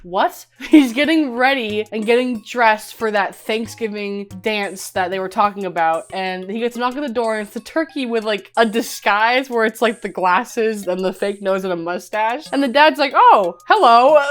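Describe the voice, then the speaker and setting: A young woman giving a comedic movie recap, animated and laughing often, swearing as she acts out the characters. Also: fairly high pitch, normal speed, hardly any pauses, faint music behind. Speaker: commentary host.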